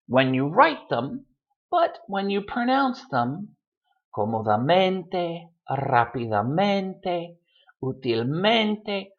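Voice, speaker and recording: A man's voice: on the high side, a bit bright, highs cut off. A man giving a video lesson, patiently repeating words to show where the stress falls. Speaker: Spanish tutor.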